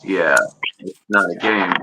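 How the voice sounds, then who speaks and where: A man's voice: low voice, measured pace, background noise. A man in casual chat, laid-back and profane. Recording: dull, lo-fi sound.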